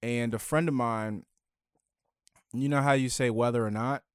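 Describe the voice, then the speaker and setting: A man's voice: mid-range voice, steady tone, normal speed, clean tone, no echo, studio quality. A man co-hosting a podcast, telling laid-back stories in casual chat. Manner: storytelling, laid-back, mimics others. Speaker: podcast co-host.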